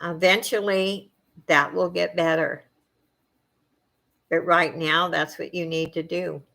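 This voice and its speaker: A middle-aged woman hosting a casual chat with her viewers, soft-spoken and emotional, wandering from thought to thought with many fillers. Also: on the low side, fairly even intonation, slow, vocal fry. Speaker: channel host chatting with viewers.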